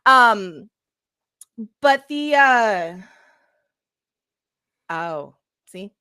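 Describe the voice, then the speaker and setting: A woman's voice: medium pitch, lively intonation, very slow, pushed and bright, clear, resonant tone. A young woman chatting animatedly as a podcast co-host and game master, laughing often. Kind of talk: casual chat.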